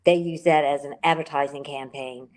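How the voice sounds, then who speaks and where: A woman's voice: deep voice, steady tone, normal speed, a little mellow. An older woman, an author being interviewed, talking in a rambling, emotional way and correcting herself as she goes. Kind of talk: casual interview talk.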